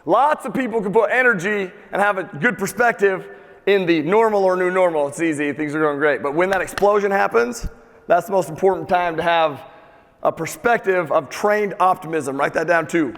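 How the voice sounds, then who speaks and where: A man with a fairly high voice delivers a live motivational talk in a big hall, and long reverb trails each phrase. He talks with energy and swears freely. He has the crowd repeat key words back to him. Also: moderate pace. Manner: energetic, profane, calls for audience repeats. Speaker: motivational speaker.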